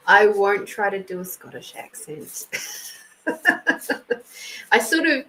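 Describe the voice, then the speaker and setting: A woman's voice: medium pitch, animated, very slow, pushed and bright, rough recording. A woman hosting a casual live card reading, chatting with viewers by name and reading card texts aloud. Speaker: host and intuitive card reader.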